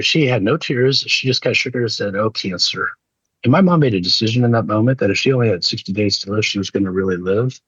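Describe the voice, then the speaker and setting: A man's voice: on the low side, fairly bright tone, slightly rough, no echo. A middle-aged man telling a personal story in an earnest, preacher-like keynote talk. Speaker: leadership speaker. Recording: dull lo-fi dry recording.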